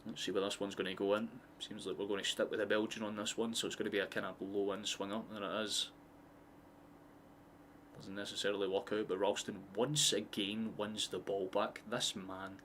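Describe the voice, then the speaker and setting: A man with a Scottish accent giving casual, excitable live football commentary, swearing freely and drifting into chatty asides. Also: fairly low pitch, a little fast, slight background noise. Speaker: streamer hosting a match watchalong.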